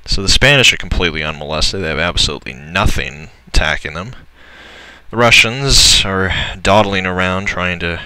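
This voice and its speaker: A man's voice: low voice, moderate pace, pushed and bright, smooth, low-quality recording. A young man commenting on a strategy game as he plays, grumbling and swearing at the computer opponents. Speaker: let's player. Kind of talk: gameplay commentary.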